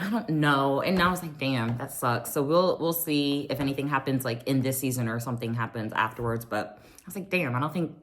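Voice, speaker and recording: Young woman vlogger, slightly low voice, casual and animated reality TV recap. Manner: chatty, opinionated, animated retelling with quoted voices.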